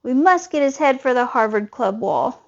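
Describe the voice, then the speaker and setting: A woman's voice: high voice, animated, moderate pace. A woman voicing a commanding male hunter barking orders in a storybook reading. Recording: dull lo-fi recording.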